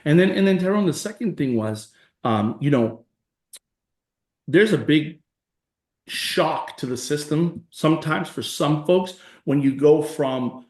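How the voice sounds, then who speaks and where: A man in his forties speaks as an interview guest with a somewhat raised pitch. He tells his stories with emphasis and slips into the voices of the people he quotes. The room adds a noticeable echo around him. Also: measured pace. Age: 40s. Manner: emphatic, animated storyteller acting out quoted voices. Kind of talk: conversational storytelling interview.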